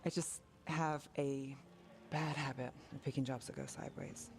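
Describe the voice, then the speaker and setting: A man voices a wry, weary mercenary in a mid-range voice close to his everyday one. He keeps a moderate pace and fairly even intonation.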